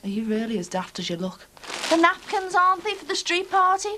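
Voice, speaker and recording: A woman's voice: extremely high pitch, sing-song, fairly quick, slight background noise, full character voice. An actress playing a sarcastic, cheeky young woman. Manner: sarcastic, sharp.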